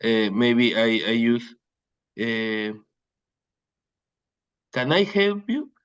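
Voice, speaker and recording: A man's voice: medium pitch, sing-song, drawn-out words. Hesitant male student, dull call audio. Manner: hesitant, clears throat, many fillers. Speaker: English student.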